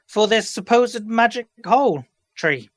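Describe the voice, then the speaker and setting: A British man with a notably high voice, trading playful jabs on a podcast. The recording is dry and close. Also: lively intonation, unhurried, dry recording. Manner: playful, mock-indignant. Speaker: podcast co-host. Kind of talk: casual banter.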